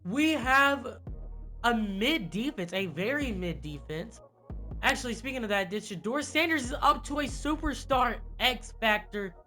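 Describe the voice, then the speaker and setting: A young man giving casual, excitable play-by-play commentary on a football video game, with lots of fillers. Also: very high voice, unhurried, soft background music. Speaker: gaming YouTuber.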